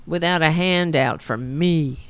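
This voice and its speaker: A woman hosting a livestream show, telling stories in a sarcastic, animated way with casual profanity. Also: low voice, unhurried, clear, resonant tone. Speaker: show host.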